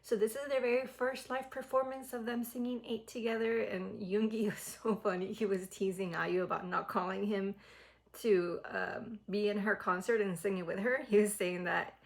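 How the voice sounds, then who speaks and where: Woman, reaction-channel host, creaky voice, excitable and rambling. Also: medium pitch, normal speed, low-quality recording. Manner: excitable and chatty, heavy on "like". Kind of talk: casual reaction vlog.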